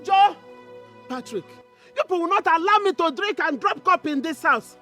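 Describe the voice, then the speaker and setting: A woman's voice: very high-pitched, animated, normal speed, a bit bright, soft background music. A scolding exasperated mother. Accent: Nigerian.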